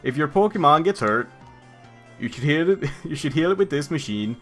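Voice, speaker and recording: A man voicing a bumbling Pokemon professor in a deliberately poor mock-Swedish accent, tagging lines with "yeah". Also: medium pitch, sing-song, a bit bright, soft background music. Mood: chatty. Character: fussy male Pokemon professor, bumbling, adult. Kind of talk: let's play character voice.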